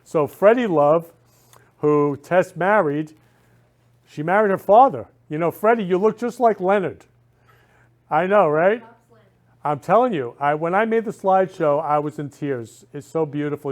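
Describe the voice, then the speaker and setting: Male host, effusive and rambling, a touch high-pitched, casual heartfelt chat. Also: lively intonation, normal speed. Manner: effusive, repeats "love" and "I love you" constantly; rambling with frequent restarts. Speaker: talk show host.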